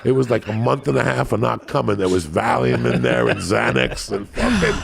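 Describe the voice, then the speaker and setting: A man's voice: mid-range voice, big pitch swings, a little fast, creaky. A man, a stand-up comedian, telling crude, profane stories on a podcast and laughing at his own jokes.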